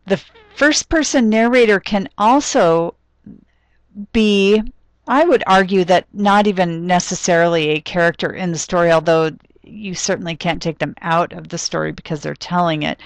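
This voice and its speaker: Woman lecturer, low voice, dry sound, explanatory with ums and restarts. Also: moderate pace, gravelly, no room sound. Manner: explanatory, thinks aloud with frequent ums and restarts. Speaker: literature lecturer. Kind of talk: recorded classroom lecture.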